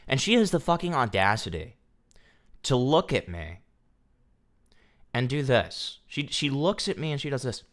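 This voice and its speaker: A man's voice: medium pitch, big pitch swings, a little slow, pauses often. A young man streaming casually, telling a profane, ranting story to his chat.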